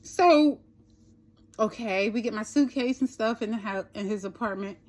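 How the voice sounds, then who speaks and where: A woman's voice: on the high side, normal speed, a little mellow. A woman vlogger casually telling a personal story, chatty, swearing a little and asking "right?" often.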